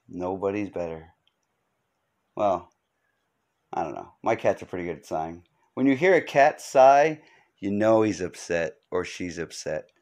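Slow, low-voiced man joking around. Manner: wry, joking asides with frequent fillers. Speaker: podcast host. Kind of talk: rambling comedic monologue.

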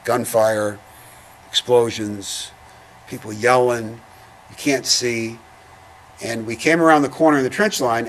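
An older man, a veteran giving an oral history interview, speaking in a reflective, halting way, heavy with feeling. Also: mid-range voice, a bit bright, a little hiss or hum.

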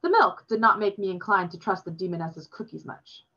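A woman reading a novel aloud in a plain, steady storytelling manner, recorded with dull lo-fi sound. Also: medium pitch, fairly quick.

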